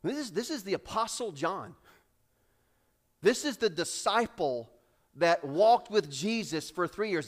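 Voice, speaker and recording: Male preacher, high voice; theatrical sermon delivery with loud peaks, soft drops and repeated phrases. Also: lively intonation, a little slow. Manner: preaches with rising, shouted dramatic build-ups and hushed drops; acts out characters in raised voices. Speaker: pastor. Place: church sanctuary.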